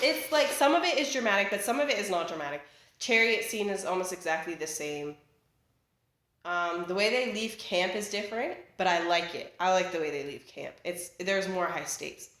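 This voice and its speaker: A woman's voice: medium pitch, fairly bright tone. Young woman rambling on about a show, lots of likes and ums, roomy echo at home. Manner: chatty, filler-heavy, self-interrupting. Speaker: vlogger. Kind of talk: casual rant. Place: living room at home. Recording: echoey home room.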